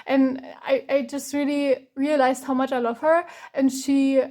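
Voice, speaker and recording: A woman's voice: high voice, little pitch movement, measured pace, dark tone. A woman from Germany, giving a chatty, rambling tarot reading full of fillers and restarts. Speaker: tarot reader.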